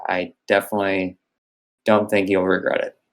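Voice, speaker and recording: A man's voice: deep voice, completely flat delivery, moderate pace, low-quality recording. A young man co-hosting a podcast, talking earnestly and enthusiastically in casual chat. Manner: earnest, enthusiastic about snacks. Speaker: podcast co-host.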